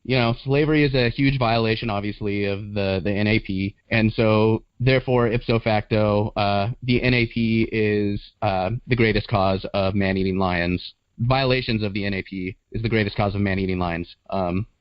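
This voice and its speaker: A man's voice: fairly low pitch, steady tone, moderate pace, hardly any pauses, clean tone, no echo. Podcast guest, male, easygoing rambler, laughs a lot; dry, slightly dull sound. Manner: rambling, hedging, laughs often. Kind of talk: casual movie chat. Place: living in Los Angeles.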